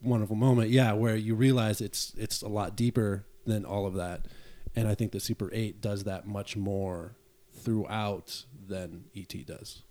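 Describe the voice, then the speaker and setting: A man's voice: on the low side, steady tone, a little slow, few pauses, dark tone. A man in a casual podcast discussion, analyzing films in a hesitant way with fillers. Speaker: podcast panelist.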